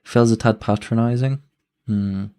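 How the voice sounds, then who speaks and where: A man's voice: mid-range voice, fairly even intonation, unhurried, dark tone. A man reacting live to a video on stream, thoughtful and hesitant, often amused.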